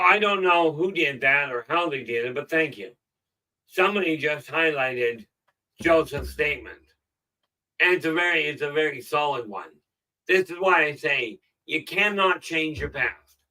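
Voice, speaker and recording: A middle-aged man giving a casual motivational talk on a live stream, rambling and filling pauses with "okay". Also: on the high side, bright, forceful tone, recorded from a distance, poor audio. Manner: rambling, frequent "okay" fillers. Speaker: self-help live streamer.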